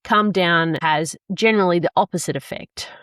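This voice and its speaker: Woman host, lower voice, reflective, dry close sound. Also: normal speed, a bit bright, no room sound. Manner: reflective, shares personal experience. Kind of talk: conversational podcast talk.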